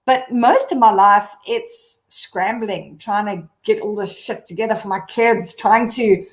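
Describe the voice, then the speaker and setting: A woman's voice: mid-range voice, measured pace. A woman blogger as a guest on a casual live video chat, talking candidly in a rambling way with many fillers. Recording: echoey room.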